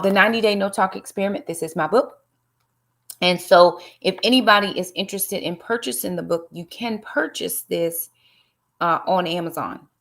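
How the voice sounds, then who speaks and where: A woman's voice: on the low side, creaky, fairly bright tone. A middle-aged woman, hosting a casual live-stream devotional talk, chatty and greeting viewers by name with preachy asides. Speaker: livestream host and Bible study teacher.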